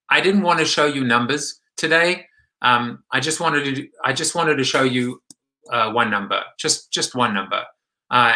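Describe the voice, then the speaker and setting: A man hosting an online show, speaking in a halting, hesitant way with many fillers and restarts. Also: mid-range voice, pushed and bright, low-quality recording. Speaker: show host. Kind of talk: somber casual talk.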